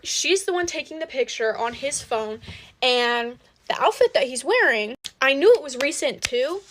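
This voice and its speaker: A woman's voice: high-pitched, animated, normal speed, a bit bright. A young woman telling a dramatic personal story in casual storytime style, swearing and saying "like" a lot. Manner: dramatic, swears, heavy use of "like".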